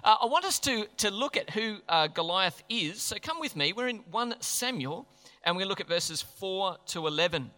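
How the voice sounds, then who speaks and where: A man's voice: high voice, sing-song, moderate pace, sharp tone. A man preaching a sermon, chatty and jokey, often asking the crowd questions. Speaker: pastor. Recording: long hall reverb.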